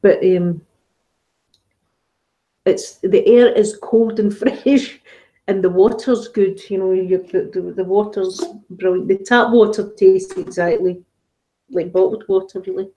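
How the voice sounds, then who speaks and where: A Scottish woman hosting a relaxed live chat on her ASMR channel, rambling along and answering viewer comments between fillers. Her voice sits at an ordinary middle pitch and sounds mellow and soft. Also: a little slow. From Scotland. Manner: chatty and rambling, with frequent fillers.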